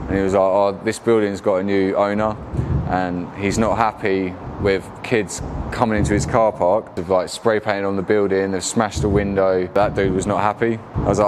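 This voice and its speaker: A man from England narrates casually, his voice sitting low and easygoing. He drops slang and fillers as he goes. Traffic and city sounds are clearly heard behind him outdoors. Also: steady tone, moderate pace. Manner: laid-back, slangy storytelling with fillers. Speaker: BMX rider and builder.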